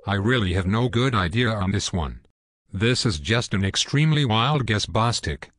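A man's voice: on the low side, animated, moderate pace, a bit bright, no echo. A man co-hosting a comedic sports show with a dry, mock-serious delivery. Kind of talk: jokey scripted banter.

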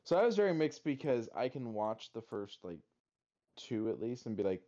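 A man's voice: medium pitch, very animated, moderate pace, warm tone, highs cut off. A man co-hosting a casual podcast, telling laid-back stories with some swearing. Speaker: podcast co-host. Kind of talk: casual chat.

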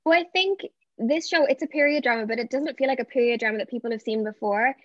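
Woman talking fluently and thoughtfully in an interview, kinda high voice, dull lo-fi dry sound. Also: fast, no echo. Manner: fluent, reflective. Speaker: actress guest. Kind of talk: interview answers.

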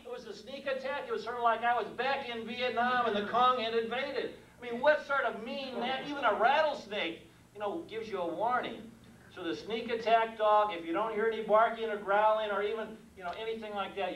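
A man in his sixties, a mailman, telling folksy comic stories on stage. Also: extremely high pitch. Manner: folksy, animated, acts out the scenes. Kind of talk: stand-up comedy storytelling. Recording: echoey room heard from a distance with faint noise.

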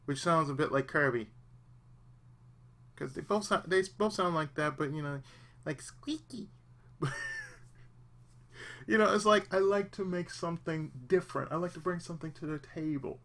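A man's voice: fairly high pitch, fairly quick, a bit bright. Earnest man giving let's play advice. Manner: earnest, emphatic, repetitive. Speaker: let's play host, aspiring voice actor. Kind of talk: casual advice talk.

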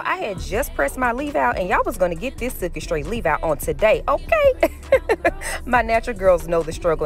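A woman vlogging casually to camera, chatting with her viewers as "y'all" and talking herself through her frustrations. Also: on the low side. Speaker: lifestyle vlogger.

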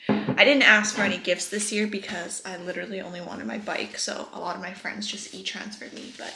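Young woman in her 20s vlogging at home, gushy and soft, kinda whispery, echoey room. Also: mid-range voice, steady tone, normal speed. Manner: gushing, soft-spoken, often drops to a whisper. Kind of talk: casual vlog chat. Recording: echoey room with faint noise.

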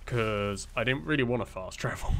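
A young man talks his way through a video game in a loose, rambling style, padding with fillers and joking at his own expense. His voice sits at an ordinary middle pitch, recorded close on a desktop mic with a faint hiss underneath. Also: expressive, moderate pace. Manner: rambling, self-deprecating, lots of fillers. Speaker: gameplay commentator. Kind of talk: casual let's-play commentary.

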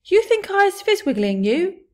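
A woman's voice: extremely high pitch, very animated, normal speed, voice pushed up. A woman voicing a big friendly male giant who talks earnestly in broken grammar.

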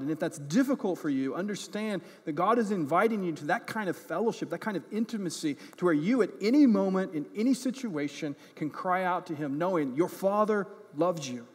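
A man's voice: sits high, expressive, brisk, hardly any pauses, husky. A man preaching a sermon as pastor, impassioned and earnest, often repeating words as he builds a point. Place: church. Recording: echoey church hall.

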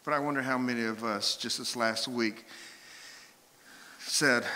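Bright-voiced pastor preaching in a hall. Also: male voice, medium pitch, measured pace, pauses often. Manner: animated storytelling, acts out voices and quotes. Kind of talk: sermon. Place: church sanctuary.

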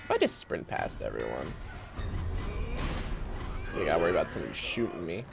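A man streams a video game, chatting casually and coaching himself through fights in excitable bursts and mutters. His low, creaky voice moves at a normal pace over music.

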